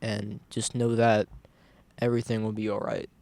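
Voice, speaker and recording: A man's voice: lowish voice, little pitch movement, normal speed, vocal fry, a little mellow. A man talking casually and earnestly straight into a camera for a vlog, rambling and repeating his points. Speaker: vlogger. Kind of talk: casual motivational vlog talk. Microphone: camera mic.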